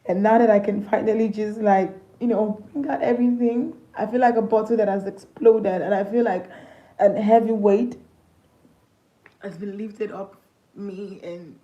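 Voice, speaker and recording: Young woman on a phone livestream, crying, halting, thankful; mid-pitched voice. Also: fairly even intonation, dark tone, highs cut off. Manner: tearful, halting, grateful. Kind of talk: emotional livestream to viewers.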